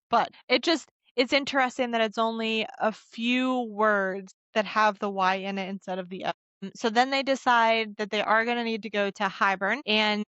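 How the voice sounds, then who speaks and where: A woman's voice: mid-range voice, fairly bright tone, no echo, dull audio. A woman hosting a podcast, recapping a book chapter in casual chat and musing aloud with open questions. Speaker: podcast host.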